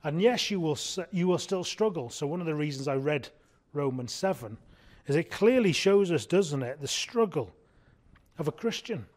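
A man's voice: a little high, expressive, moderate pace, darkish tone. A man preaching a sermon in an earnest way, often asking his congregation rhetorical questions.

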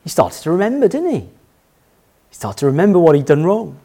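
A man's voice: a little high, wildly swooping pitch, normal speed, dark tone. A middle-aged man preaching a sermon as pastor, telling a family story and repeating key phrases for emphasis.

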